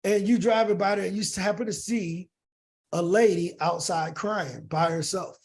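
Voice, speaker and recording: A man from the United States, a podcast guest, telling a lively story in casual slang and acting out bits of dialogue. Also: high voice, moderate pace, slightly rough. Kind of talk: animated storytelling in an interview.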